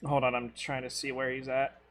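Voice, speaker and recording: A man's voice: medium pitch, completely flat delivery, brisk, fairly bright tone. A man running a live tabletop game as game master, reacting casually to the players.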